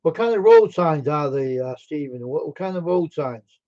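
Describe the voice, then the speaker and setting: A man chats on his live stream, reading and answering viewers' messages in an easygoing, slightly weary way. His voice sits a bit high yet sounds mellow and soft-edged. The audio is dull and lo-fi, like a basic streaming mic. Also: expressive, moderate pace. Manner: chatty, answering chat messages aloud. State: tired, yawning.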